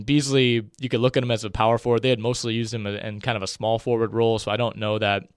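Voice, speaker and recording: Young guy on a sports podcast, smooth lowish voice, dry close sound. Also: dry recording. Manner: relaxed, joking, quick asides. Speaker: podcast co-host. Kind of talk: casual sports chat.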